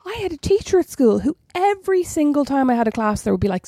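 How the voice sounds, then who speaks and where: A woman in her thirties co-hosts a podcast, rattling off stories at a quick clip. She is candid and self-mocking, swearing freely. Her voice sits close and dry, with no room around it. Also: high-pitched, big pitch swings, mellow, no room sound. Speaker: podcast co-host. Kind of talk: casual sisters' chat.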